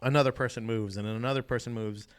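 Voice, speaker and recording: A man's voice: mid-range voice, fairly even intonation, quick pace, smooth. A young man co-hosting a podcast in casual chat, rambling, losing his thread, swearing and laughing. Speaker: podcast co-host.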